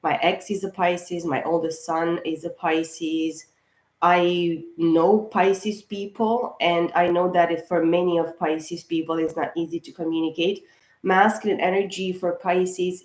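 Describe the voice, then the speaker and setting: A woman's voice: fairly low pitch, a little mellow. Chatty woman reader in an echoey room. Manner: chatty, rambling, repeats "of course" and "guys", gets worked up. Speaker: tarot reader and channel host. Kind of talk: casual astrology reading to camera.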